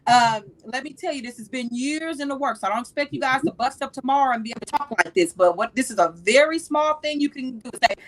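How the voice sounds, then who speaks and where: A woman in her thirties hosting a casual advice talk, animated and repeating key phrases for emphasis. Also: sits high, fast talker, hardly any pauses, rough recording. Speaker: host.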